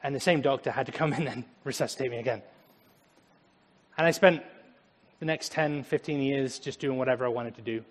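Preacher in a reverberant church. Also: male voice, medium pitch, fairly quick, long pauses. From Germany. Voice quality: animated, laughs often. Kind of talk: sermon. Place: church sanctuary.

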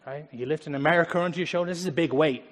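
Preacher in a reverberant church. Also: male voice, fairly high pitch, very fast. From Germany. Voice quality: animated, laughs often. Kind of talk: sermon. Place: church sanctuary.

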